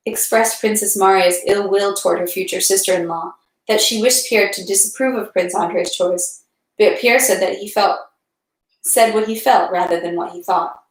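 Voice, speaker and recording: A woman's voice: medium pitch, roomy sound, rough recording. Woman reading a classic novel aloud. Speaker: reader.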